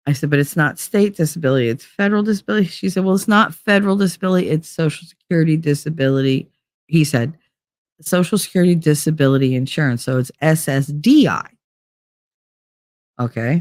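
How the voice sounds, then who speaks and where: A woman's voice: very deep voice, a little mellow, dry recording. Fired-up, foul-mouthed woman venting. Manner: profane, fired-up, blunt. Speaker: vlogger. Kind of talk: casual storytelling rant.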